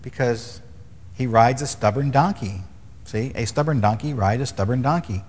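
A man teaching from the Bible in a relaxed, wry way, reading verses and retelling stories. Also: medium pitch, moderate pace, in a large hall. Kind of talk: casual teaching chat.

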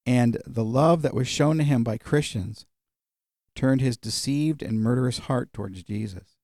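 A man's voice: mid-range voice, unhurried, vocal fry, dark tone, dry recording, studio quality. A male pastor preaching in a conversational storytelling way, with frequent fillers. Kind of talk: sermon.

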